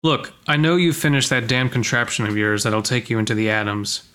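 A man's voice: mid-range voice, fairly quick, bright, forceful tone. A man reading a science-fiction story aloud with a friend, acting out the lines and breaking off to joke about the writing. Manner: reads lines dramatically, then jokes and comments. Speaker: co-reader of a story. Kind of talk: casual reading aloud with banter.

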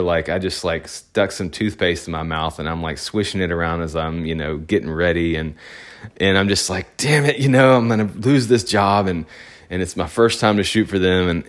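A man casually recounting a personal story, rambling along with lots of filler words and animated retellings. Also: low voice. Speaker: event photographer.

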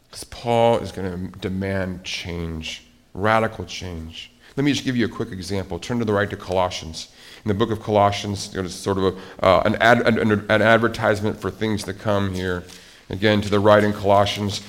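A male pastor preaching a sermon in an animated way, rising to emphatic outbursts and dropping back down. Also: fairly low pitch.

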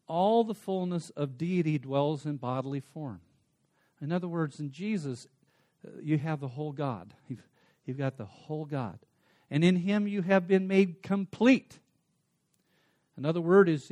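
Guy preaching, kinda high voice, goes quiet then loud, drags out words for emphasis. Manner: swings between soft asides and emphatic raised passages; slows down to stress single words. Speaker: pastor. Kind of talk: sermon.

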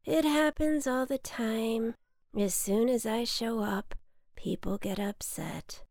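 A woman voicing a sad, lonely male rain cloud in a children's storybook, slow and mournful with a breathy, hushed delivery. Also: fairly high pitch, dry recording, studio quality. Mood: gloomy.

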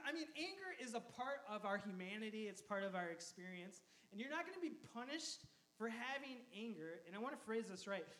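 Animated high-voiced man preaching. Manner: animated storyteller, laughs often, shouts quoted lines. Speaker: pastor. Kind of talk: sermon with a personal story.

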